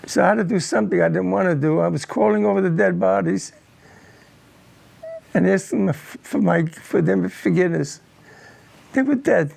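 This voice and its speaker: Gravelly high-voiced old man. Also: a little mellow. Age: older. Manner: halting, repeats words, grave. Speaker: war veteran interviewee. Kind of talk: recounting a personal war memory in an interview.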